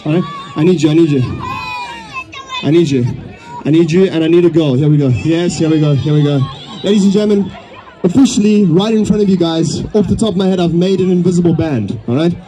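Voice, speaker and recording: A man's voice: a little high, fairly quick, mellow. A man performing as a beatboxer, bantering playfully and teasingly with a live crowd. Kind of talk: live stage patter with crowd.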